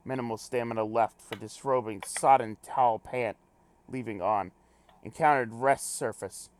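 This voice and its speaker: Man reading a stuffy, clipped log-keeping explorer, mid pitch, dry sound. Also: fairly even intonation, moderate pace, dry recording, natural voice. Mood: stiff. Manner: clipped telegraphic log-speak, pompous wording. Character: terse, formal male adventurer logging reports.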